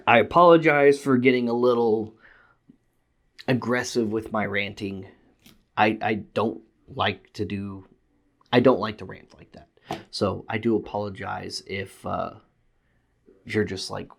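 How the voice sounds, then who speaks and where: A man talks through a toy review in a casual, unscripted way. His voice sits a little low, and he stammers and repeats words as he goes. He moves between heated ranting and sheepish apology. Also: a little slow.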